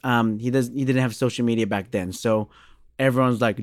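A man in his thirties from Australia tells a long story in a relaxed interview, a bass player acting out the voices of the people in it. His pitch is mid-range, and the recording is dry and close. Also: fairly quick, no room sound. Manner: animated storyteller, acts out quoted dialogue.

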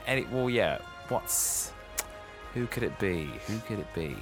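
A man's voice: lowish voice, animated, measured pace, music in the background. A man hosting a podcast, casually chatting about a movie, musing and hesitant while he thinks. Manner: musing, hesitant when guessing. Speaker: podcast host. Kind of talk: casual film review chat.

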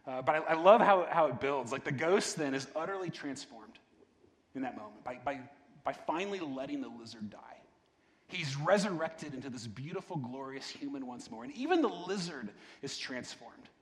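A pastor with a medium-pitched voice and lively intonation preaches at a normal pace, keeping his sermon conversational. He often checks in with the congregation, repeats "right?", and restarts words. The recording carries the long reverb of a large hall.

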